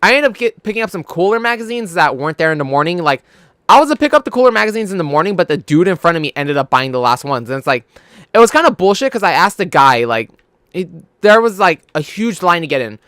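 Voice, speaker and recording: A man's voice: high-pitched, sing-song, fast, fairly bright tone, clear, resonant tone, no echo, studio quality. A young man from California, a gaming YouTuber, telling a rambling, profane story in casual chat. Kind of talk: casual storytelling over gameplay.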